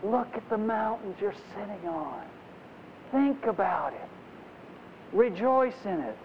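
A man voicing God speaking softly and reassuringly to a believer, in a dull lo-fi recording. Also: high voice, expressive, slow pace, voice pushed up. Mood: tender. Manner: soft, hushed and reassuring. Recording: dull lo-fi recording, faint noise.

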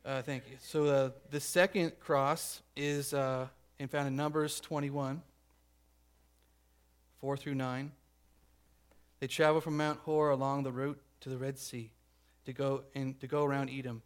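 A man's voice: medium pitch, little pitch movement, measured pace, clean tone. Man preaching a conversational sermon. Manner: conversational preaching, checks in with the congregation; acts out grumbling crowd voices. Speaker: pastor.

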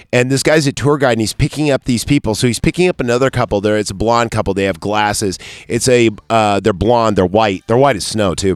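A man talking through a film on a podcast, swearing freely as he rambles from one scene to the next. His voice sits at an ordinary pitch and sounds dry and close, with no room echo. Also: clean tone. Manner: rambling, profane, loose storytelling. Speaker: podcast host. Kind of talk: casual movie review chat.

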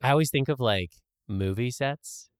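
A man's voice: mid-range voice, moderate pace, smooth, no room sound, studio quality. A man co-hosting a spiritual podcast, talking in a reflective, playful way. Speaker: podcast co-host. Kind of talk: casual spiritual podcast chat.

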